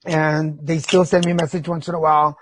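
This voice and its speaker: A man's voice: a little high, little pitch movement, brisk, a little hiss or hum. A middle-aged man hosting a podcast in a casual chat, telling candid stories with feeling and swearing freely. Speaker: podcast host.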